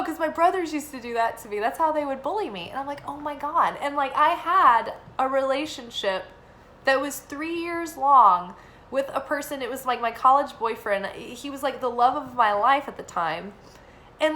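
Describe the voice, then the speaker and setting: Bright-voiced chatty young woman. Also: high voice, poor audio. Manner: rambling, filler-heavy, animated when quoting. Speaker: tarot reader. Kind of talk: casual spoken reading and storytelling.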